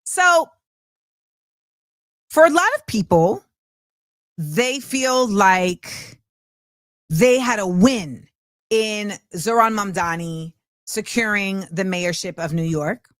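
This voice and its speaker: A woman's voice: mid-range voice, slow, long pauses, no echo, studio quality. A woman hosting a casual talk show, telling stories with acted-out quotes. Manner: animated storyteller, acts out quotes. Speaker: host. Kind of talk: casual chat.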